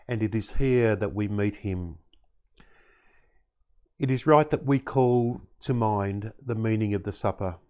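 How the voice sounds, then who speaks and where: A man with an Australian accent, a pastor leading communion and prayer, speaking in an earnest, measured way with small slips and restarts. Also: fairly low pitch, a little mellow. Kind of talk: sermon and prayer.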